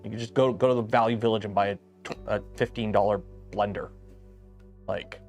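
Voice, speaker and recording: A man's voice: fairly low pitch, fairly even intonation, fairly quick, darkish tone, soft background music. A man hosting a casual livestream from his garage workshop, chatting loosely with lots of ums and restarts as he builds. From lives south of Detroit. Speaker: livestream host building a 3D printer.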